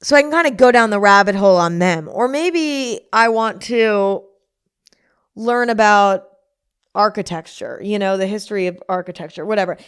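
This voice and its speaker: A woman's voice: medium pitch, normal speed, a bit bright, clear, resonant tone. A young woman hosting a podcast alone, chatting casually and rambling, mocking herself and acting out her own inner voices. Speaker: podcast host. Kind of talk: casual solo podcast chat.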